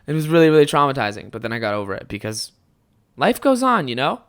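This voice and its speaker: Animated, rambling young man podcasting. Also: a little high, fast talker. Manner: rambling, swears a lot, animated outbursts. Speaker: podcast host. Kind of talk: casual solo podcast storytelling.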